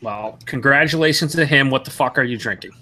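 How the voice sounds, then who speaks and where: A man's voice: mid-range voice, a little fast, pushed and bright, slight background noise. A man hosting a casual beer review chat on a video call, joking and teasing with profanity. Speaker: beer review show host. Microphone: video call mic.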